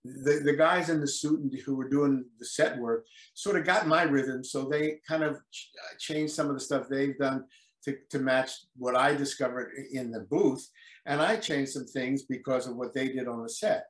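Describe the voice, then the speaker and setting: A man's voice: medium pitch, normal speed. An older man, a veteran actor, telling stories in a casual interview and acting out old quotes. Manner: animated storyteller, acts out quotes. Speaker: guest actor. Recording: echoey room.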